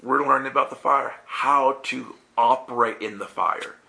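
A man preaching a lively sermon to listeners, telling stories with laughter and acting out the voices of the people in them. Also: medium pitch, normal speed, creaky. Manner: animated, laughing, acts out quoted voices.

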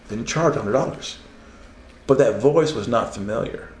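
A man's voice: mid-range voice, normal speed. A man, a self-published Christian author, telling a story in casual conversation and acting out the voices he heard. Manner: animated, laughing storyteller who acts out voices. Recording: roomy echo, faint background noise.

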